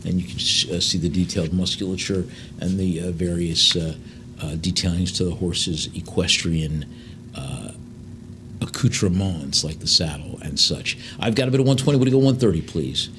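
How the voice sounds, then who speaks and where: A man working as an auctioneer in a live sale, reading out lot descriptions and then calling bids in quick runs. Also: sits low, fairly bright tone, slight background noise. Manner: fast bid calls between slower lot descriptions, with fillers.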